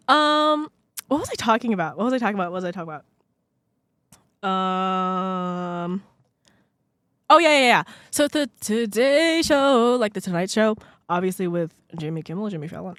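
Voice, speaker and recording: A woman's voice: no echo, clean studio sound. Chatty young woman rambling on a podcast. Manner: rambling, self-deprecating, heavy use of "like"; lively swings in pitch and loudness. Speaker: podcast host. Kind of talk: casual solo podcast chat. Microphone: podcast microphone, sometimes speaking away from it.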